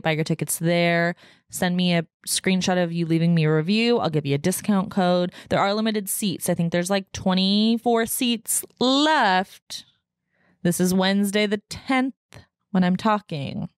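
A woman's voice: fairly low pitch, smooth, no room sound, studio quality. A woman podcast host in a casual solo rant, venting in a profane, fired-up way from her home podcast room.

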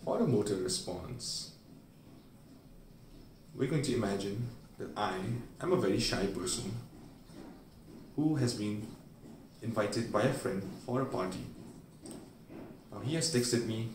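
A man's voice: on the low side, a little slow, long pauses, a little mellow, a little hiss or hum. A man teaching a medical memory aid by telling everyday stories and briefly acting out the people in them. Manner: storytelling, playfully acting out everyday scenes. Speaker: medical educator. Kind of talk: explaining a memory aid with acted-out examples. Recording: roomy sound, recorded from a distance.

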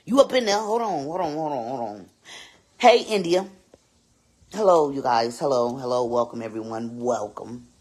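In a live-streamed comedy skit, a performer plays a sassy, vain babysitter, loud and teasing, repeating lines and swooping up into squeals. The voice is mid-range, husky, and animated at normal speed.

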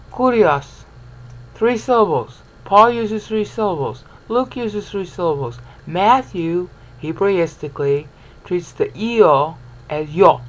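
A woman's voice: fairly low pitch, low-quality recording. A woman teaching a Bible lesson over on-screen text, sounding out words syllable by syllable and checking in with the listener. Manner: explanatory, checks in with "okay?" and "all right?".

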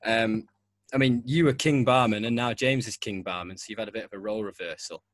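A man's voice: on the low side, brisk, no echo. A young man hosting a podcast, chatting casually, rambling and laughing often. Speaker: podcast host. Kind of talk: casual chat.

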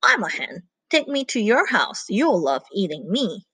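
A woman voicing an old male farm dog who barks out indignant, excited lines. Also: mid-range voice, a little slow, slightly rough, heavily acted. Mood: urgent. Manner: barking, indignant outbursts.

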